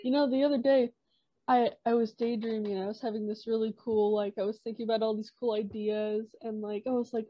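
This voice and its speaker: A woman's voice: on the high side, flat delivery, a little fast. A young woman guest on a podcast, chatting casually and filling her talk with "like". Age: young adult. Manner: chatty, filler-heavy with lots of 'like'. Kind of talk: casual chat. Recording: dry, slightly dull podcast audio.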